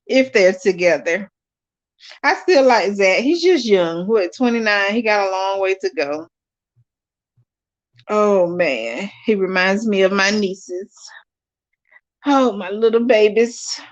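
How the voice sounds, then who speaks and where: A woman hosting a live watch-along, reading viewer comments aloud and chatting casually to her audience, animated and quick to laugh. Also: mid-range voice, muffled recording. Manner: animated, laughs often, talks straight to viewers. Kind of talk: casual live-stream chat.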